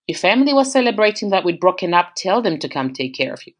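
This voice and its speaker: A woman storyteller quoting a volatile young woman who mocks and scolds her partner, with a lower-pitched voice. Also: very animated, fast. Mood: mocking. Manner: mocking, scolding.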